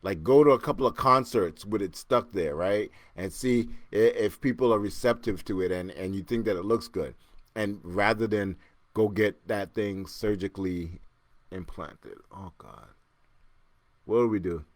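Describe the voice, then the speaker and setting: A man hosting a casual solo podcast, joking and laughing as he reacts to listener comments, jumping between loud excited bursts and low muttering. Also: moderate pace, dry recording. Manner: animated, joking, laughs often, repeats himself. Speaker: podcast host.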